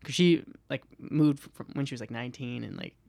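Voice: medium pitch, animated, a little fast, vocal fry, darkish tone, dry recording. A young adult podcast host chatting casually, rambling, trailing off mid-thought and laughing often.

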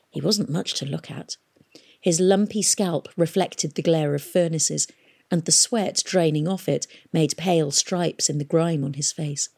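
A woman reading a novel aloud in a steady, measured storytelling voice. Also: sits low, gravelly, slightly rough. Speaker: audiobook reader.

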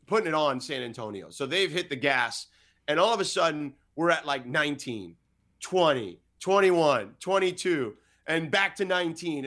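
A man from the United States, a sports reporter, telling anecdotes as a podcast guest and acting out the dialogue. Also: on the high side. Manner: lively anecdote-teller who acts out quoted dialogue. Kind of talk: storytelling in a podcast interview.

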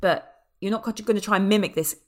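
With a mid-range voice and a slightly quick pace, a podcast co-host chats casually and animatedly about a film. She leans on lots of fillers and lets a swear word slip now and then.

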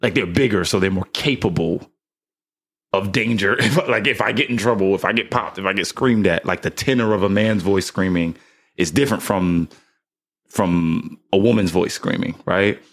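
A man with a somewhat low voice talks casually on a podcast. He muses aloud, stacking "like" and "right?" as he works through a thought. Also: normal speed. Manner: relaxed, musing, with frequent "like" and "right?" tags. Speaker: podcast co-host, father. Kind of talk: casual chat.

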